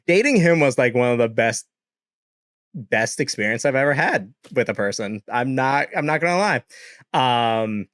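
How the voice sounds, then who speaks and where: A man's voice: mid-range voice, expressive, normal speed, a bit bright, no room sound, clean studio sound. A young man casually telling dating stories to a live chat, laughing often, swearing and acting out quotes. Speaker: streamer.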